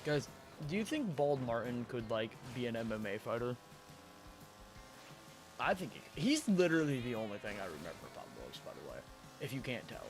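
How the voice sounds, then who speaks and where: A man live-streaming a game, chatting casually with viewers in a rambling, animated way and laughing often. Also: mid-range voice, brisk. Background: game music.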